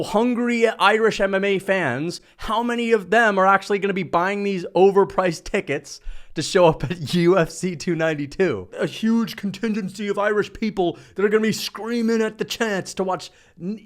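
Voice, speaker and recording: A man from New rants about combat sports in a high, lively voice. He mocks and swears freely, with the loose tone of a casual vlog. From New York. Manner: mocking, profane, animated. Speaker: MMA commentator vlogger. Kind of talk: casual rant.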